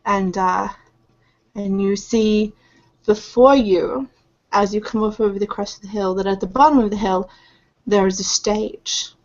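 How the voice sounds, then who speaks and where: A woman's voice: medium pitch, measured pace. A woman narrating a tabletop game as game master, describing scenes vividly and mimicking sounds. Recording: dull lo-fi recording.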